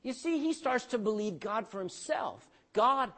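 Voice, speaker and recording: A pastor preaching a sermon, calling out for amens and dropping between loud bursts and hushed lines. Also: male voice, sits high, very animated, moderate pace. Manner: calls for amen from the congregation.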